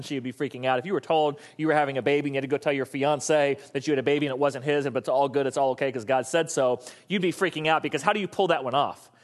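A man pastor giving a casual, animated sermon, talking to his audience and asking them questions. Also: medium pitch.

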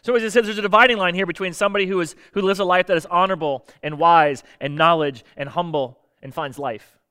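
Smooth-voiced conversational male preacher. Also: high voice, fast. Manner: conversational and lively, acting out quoted voices; explaining Bible verses with everyday examples. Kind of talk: sermon.

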